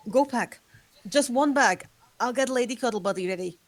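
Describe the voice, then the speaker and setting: A woman's voice: a little high, lively intonation, normal speed. A woman reading Ash, an older protective companion hurrying them to flee. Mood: urgent. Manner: urgent, firm.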